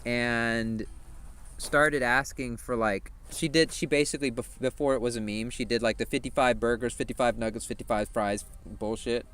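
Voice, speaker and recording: A man's voice: medium pitch, fairly even intonation, normal speed, fairly bright tone, clean tone. A man streaming a game and chatting casually, telling rambling stories full of profanity. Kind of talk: casual chat while gaming.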